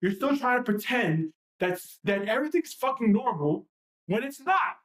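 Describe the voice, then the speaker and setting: A woman's voice: on the high side, big pitch swings, moderate pace. A woman ranting during a livestream: heated and profane, firing off repeated rhetorical questions. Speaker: livestream host. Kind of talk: impassioned livestream rant.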